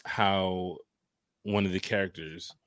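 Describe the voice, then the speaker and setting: A man co-hosting a casual podcast, telling stories in a relaxed, slangy manner. His voice sits a bit low and the recording is dry and close. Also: no room sound. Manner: relaxed, drawn-out storytelling with slang. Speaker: podcast co-host. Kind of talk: casual chat.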